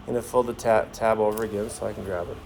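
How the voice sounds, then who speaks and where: A man's voice: lowish voice, fairly even intonation, quick pace, creaky, a little mellow, a little hiss or hum. A man teaching a science class, firing questions at the students and joking as he runs a demonstration in a classroom. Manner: asks the class many questions, jokey.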